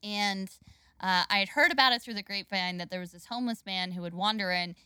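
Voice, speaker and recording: Woman spinning a goofy work story, bright voice, dry close sound. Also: medium pitch, fast talker, smooth, dry recording. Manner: animated, laughing storyteller. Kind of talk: casual storytelling.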